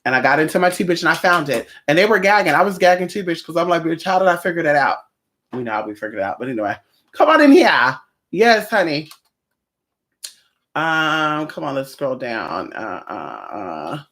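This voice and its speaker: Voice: mid-range voice, very animated, a little fast, fairly bright tone. Sassy, chatty livestream host. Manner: sassy, chatty, swears often, calls viewers honey. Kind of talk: casual livestream chat with viewers.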